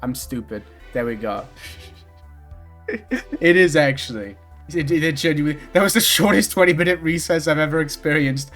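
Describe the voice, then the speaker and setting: A man's voice: fairly high pitch, moderate pace, a bit bright, faint music behind. A man streaming a game, chatting casually and jokily, swearing freely as he rambles. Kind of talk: casual gameplay commentary.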